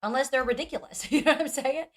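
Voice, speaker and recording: A woman's voice: high-pitched, fast. A woman hosting a commentary vlog, blunt and sarcastic, often mockingly mimicking others. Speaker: commentary channel host.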